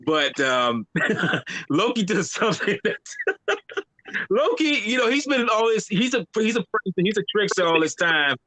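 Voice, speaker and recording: A man with a bright, sharp voice swings his pitch widely as he recaps an anime episode with laughs and fillers. The sound is dry and close. He speaks as a co-host on a casual podcast. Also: a little slow, dry recording. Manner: animated, laughing storyteller with fillers.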